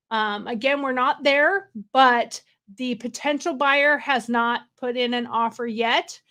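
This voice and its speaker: A chatty woman with a drawl talks casually to her livestream viewers from a hotel room. Her voice sits a little high, and she rambles on in a wired, excited way. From California. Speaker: livestream host.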